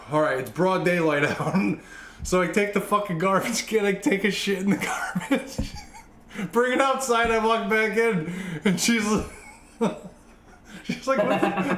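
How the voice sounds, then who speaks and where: A young man with a fairly high voice tells stories at an unhurried pace, laughing as he goes. He rambles with lots of fillers. The room around him is echoey. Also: fairly bright tone, a little hiss or hum. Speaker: podcast co-host. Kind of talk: casual chat.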